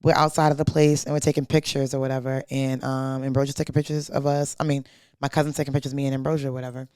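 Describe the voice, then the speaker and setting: Fast-talking young woman podcast host. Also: a bass voice, clear, resonant tone, dry recording, clean studio sound. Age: young adult. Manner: slangy, profane, animated storyteller acting out quotes. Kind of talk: casual storytelling chat. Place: podcast studio.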